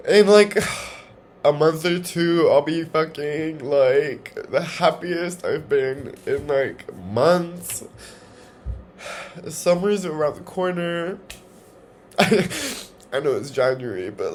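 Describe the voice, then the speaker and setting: A young man vlogging from home, talking in a halting, emotional way and swearing often. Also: fairly high pitch, a little hiss or hum. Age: young adult. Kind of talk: confessional personal vlog.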